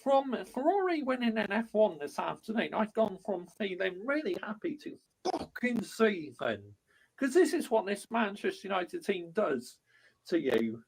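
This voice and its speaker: A man, a football fan vlogger giving an angry rant to camera, shouting and swearing heavily. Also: sits high, very animated, moderate pace, creaky, husky. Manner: furious, shouting, heavy swearing.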